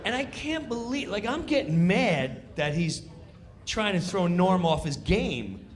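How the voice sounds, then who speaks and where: A man telling a comedic story, acting out voices and countdowns in an animated way. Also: high-pitched, measured pace, noisy background.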